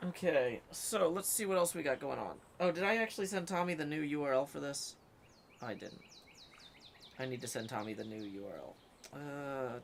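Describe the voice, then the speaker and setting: A man's voice: a little high, a little slow, a little hiss or hum. A man chatting casually on a live stream, joking with chat and humming to himself. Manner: playful, hums and scats to himself.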